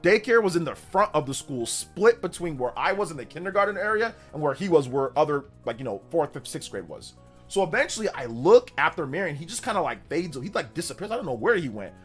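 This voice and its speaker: A man in his thirties hosts a livestream and tells a story in casual talk. His pitch swings widely as he acts out the moments. Faint music plays under his voice. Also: a little fast, breathy edge. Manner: animated, with exaggerated voices for quoted people. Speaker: livestream host.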